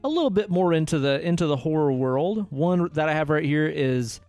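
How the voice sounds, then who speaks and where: A man in his thirties co-hosting a podcast, chatting casually about films, relaxed and swearing often. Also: a little high, fairly quick, no echo, faint music behind. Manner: laid-back, swears often, ends lines with "man". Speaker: podcast co-host. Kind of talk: casual film-review chat.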